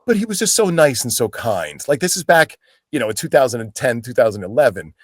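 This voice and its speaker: Animated man telling lively stories. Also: mid-range voice, brisk, no room sound, studio quality. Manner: animated, acts out voices of people in his stories. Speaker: actor, guest. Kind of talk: casual anecdotal storytelling.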